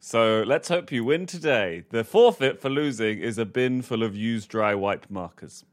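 A man hosting a comedy quiz podcast, playful and quick with jokes, often laughing. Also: mid-range voice. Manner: playful, giggly, quick asides. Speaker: quiz host.

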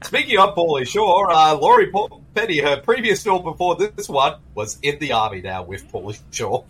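A man's voice: fairly high pitch, sing-song, normal speed, a bit bright, husky, low-quality recording. A man co-hosting a casual movie watch-along, rambling about film trivia. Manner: rambling, chatty, trivia-minded. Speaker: podcast co-host.

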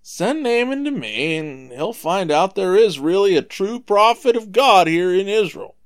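Prophet Elisha, high and steady, as a man puts him on. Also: unhurried, clear, resonant tone. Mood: reassuring.

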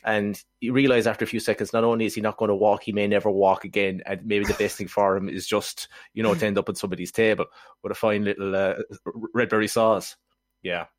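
A man co-hosting a film podcast, talking in a quick, wry, sardonic way and going off on comic tangents. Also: on the low side, little pitch movement, dry recording, clean studio sound. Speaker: podcast co-host. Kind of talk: casual film review chat.

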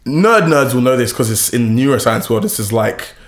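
Brief: young founder, lively storyteller, laughs a lot, voice jumps up and down. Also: male voice, brisk. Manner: animated, laughs often, lively pitch swings. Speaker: founder, interview guest. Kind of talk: casual interview storytelling.

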